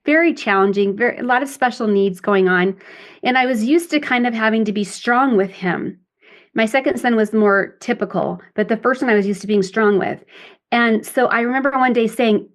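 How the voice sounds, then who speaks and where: A middle-aged woman and parent coach explaining things in a podcast interview, often acting out example dialogues. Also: a little high.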